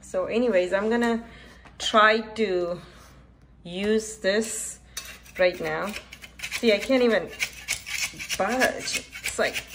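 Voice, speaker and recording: A woman's voice: medium pitch, vocal fry, background noise. A middle-aged woman casually narrating a home repair vlog, rambling with many fillers and out of breath from the effort. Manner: rambling, halting, with frequent fillers. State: out of breath from pulling. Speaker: home vlogger.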